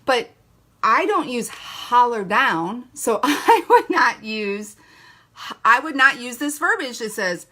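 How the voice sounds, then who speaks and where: A woman's voice: on the high side, big pitch swings, slow pace, sharp tone. A woman giving a live training talk to a sales team, chatty and playful, laughing often and acting out little quotes.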